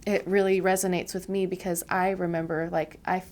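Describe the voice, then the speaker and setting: A woman's voice: on the low side, little pitch movement, fairly quick, darkish tone. A woman hosting a podcast interview, chatty and empathetic, talking in loose, run-on sentences full of fillers. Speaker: podcast host. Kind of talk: casual interview conversation.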